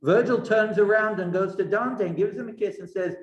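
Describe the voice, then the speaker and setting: High-voiced male teacher in echoey classroom. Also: brisk, hardly any pauses. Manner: lively, questioning students. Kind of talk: classroom lecture. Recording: echoey room.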